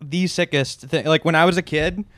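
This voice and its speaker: A man's voice: on the high side, fairly even intonation, normal speed, a bit bright, no echo, clean studio sound. A man hosting a podcast, chiming in with slangy, laid-back remarks in casual chat. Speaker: podcast host.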